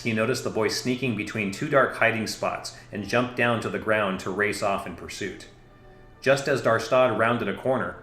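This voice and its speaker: A man narrating a fantasy story in a steady, measured reading. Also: on the low side. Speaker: audiobook narrator. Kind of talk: scripted narration. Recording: echoey room.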